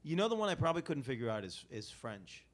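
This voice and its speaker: A man's voice: mid-range voice, sing-song, fast talker. A man hosting a podcast, chatting casually and restarting his sentences often. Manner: rambling, restarts sentences, laughs easily. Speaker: podcast host. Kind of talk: casual chat.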